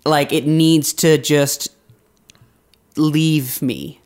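A man's voice: on the high side, steady tone, drawn-out words, a little mellow. A man talking casually and candidly, rambling with frequent restarts and easy laughter. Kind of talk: casual podcast conversation.

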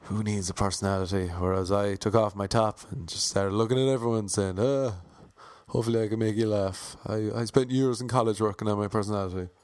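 A man's voice: lowish voice, steady tone, fast, few pauses, a little mellow, no echo. A young Irish man telling comic stories about auditions in a wry, self-deprecating way, often switching into voices for the people he quotes. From Ireland. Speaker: aspiring comedic actor. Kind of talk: casual comic storytelling.

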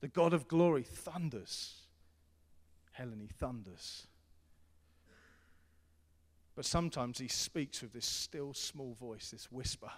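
A middle-aged man preaching a sermon as pastor, earnest and repetitive, swinging between loud appeals and hushed tones. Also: medium pitch, moderate pace, hardly any pauses. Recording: long hall reverb.

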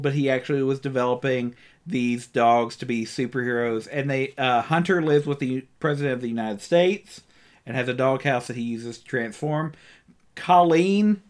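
Rambling man recapping an old cartoon. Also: on the high side. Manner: rambling, many ums and restarts, laughs often. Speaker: podcast co-host. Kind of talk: casual chat about old cartoons.

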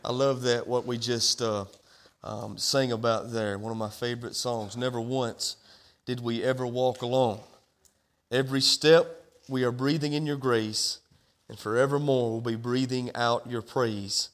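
A man's voice: mid-range voice, steady tone, normal speed, fairly bright tone. A male pastor delivering a sermon in a church, with a repetitive preaching cadence and rhetorical questions. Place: church sanctuary.

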